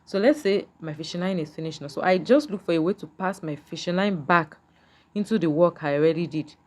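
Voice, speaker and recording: A woman's voice: fairly low pitch, lively intonation, fairly quick, a little mellow. A woman giving a patient, step-by-step beading tutorial and often asking the viewer whether they can see. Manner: patient, repetitive, checks in with "can you see?".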